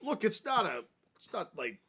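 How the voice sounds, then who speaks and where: A man co-hosting a podcast in casual comedic chat, playful and quick to laugh and play along. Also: high-pitched, sing-song, bright, forceful tone, breathy edge. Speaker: podcast co-host.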